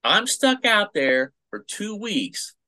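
A man's voice: high-pitched, very animated, takes it slowly, sharp tone, no room sound. A man co-hosting a podcast in casual chat, musing animatedly and swearing freely. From United States. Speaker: podcast co-host.

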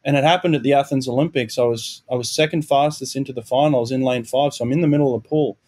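A man's voice: mid-range voice, steady tone, quick pace, a little mellow. A middle-aged Australian man, a former Olympic swimmer and coach, talking through his past in an earnest, reflective interview. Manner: earnest, reflective storytelling with repeated restarts. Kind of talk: conversational interview.

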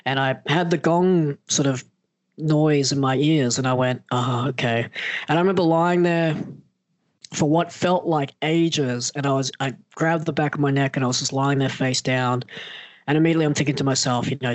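A man's voice: medium pitch, normal speed, no echo. A man, a wrestler, telling a story in casual talk and acting out the voices he quotes. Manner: animated, acts out quoted voices.

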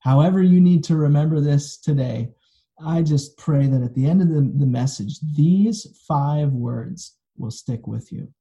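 Gravelly, dark-voiced man preaching. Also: a little high, unhurried, lo-fi sound. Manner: conversational, folksy storytelling. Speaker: pastor. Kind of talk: sermon. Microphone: recorded for online video.

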